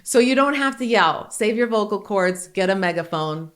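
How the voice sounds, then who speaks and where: Animated joking woman podcast host. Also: mid-range voice, normal speed, hardly any pauses. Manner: animated, joking and candid storytelling. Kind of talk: casual podcast chat.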